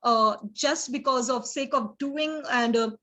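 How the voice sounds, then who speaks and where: A woman preaching an informal sermon in a halting, earnest way, with frequent restarts and "you know". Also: high-pitched, bright, forceful tone.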